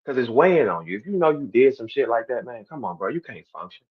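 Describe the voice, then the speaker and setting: A man speaking to his stream audience in a heated, animated monologue, repeating himself and swinging between loud outbursts and quiet asides. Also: medium pitch, fast, slightly rough, highs cut off. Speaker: battle rapper on a stream.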